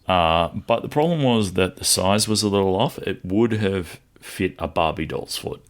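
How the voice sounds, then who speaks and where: Deep-voiced man hosting a casual chat. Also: animated, moderate pace. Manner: chatty, laughs often, storytelling. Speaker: podcast host.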